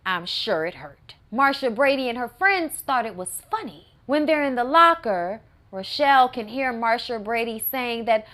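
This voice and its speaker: A woman's voice: on the high side, lively intonation, normal speed, hardly any pauses, pushed and bright. A woman reviewing a movie in a casual recap with sassy, wry asides.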